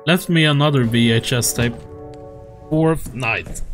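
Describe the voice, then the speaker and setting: A man's voice: medium pitch, a little slow, over music. A man commenting on a horror game as he plays it, swearing often and laughing at his own frustration. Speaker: gaming YouTuber. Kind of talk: let's play commentary.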